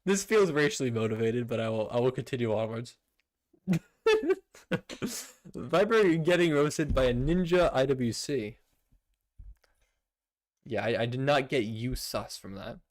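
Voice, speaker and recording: A man's voice: medium pitch, expressive, measured pace, pauses often. A young man streaming casually, reading out viewer messages with playful, laughing indignation. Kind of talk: casual livestream chat.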